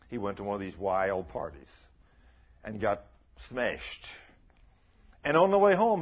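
Husky older preacher man with a lively voice. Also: mid-range voice. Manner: storytelling, asks the listeners questions. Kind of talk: folksy sermon. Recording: muffled lo-fi recording.

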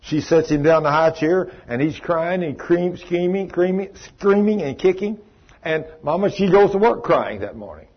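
A man preaching, telling stories in a folksy, animated way and acting out the voices in them. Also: a little high, normal speed. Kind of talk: sermon storytelling. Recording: muffled lo-fi recording.

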